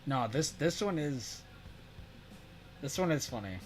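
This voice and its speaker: A man's voice: medium pitch, animated, a little slow, long pauses, soft background music. A man from the United States chatting casually on a livestream, reacting to chat messages and laughing often. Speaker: stream host.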